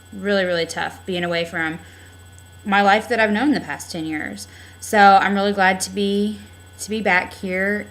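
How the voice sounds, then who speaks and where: A woman's voice: mid-range voice, a bit bright, rough recording. Candid young woman vlogging on a webcam. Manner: rambling, candid, heavy use of "like" and "um". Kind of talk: casual personal video diary.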